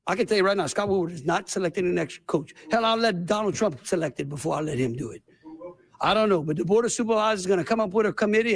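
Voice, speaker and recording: A man with a Louisiana accent, a state governor giving emphatic, rambling, folksy press conference remarks. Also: sits high.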